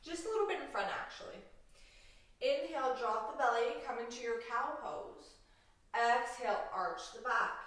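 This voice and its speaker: A woman leading a vinyasa yoga class, calmly cueing breaths and poses with a playful aside now and then. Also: fairly high pitch, far from the mic. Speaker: yoga instructor. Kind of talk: guided yoga class instruction. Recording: roomy echo, voice from off mic.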